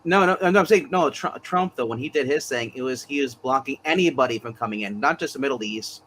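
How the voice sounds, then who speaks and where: An excitable man chatting casually, with a bright, sharp voice that swings widely in pitch. He cuts in eagerly, over a faint hiss. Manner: excitable, quick to cut in. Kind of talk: casual chat.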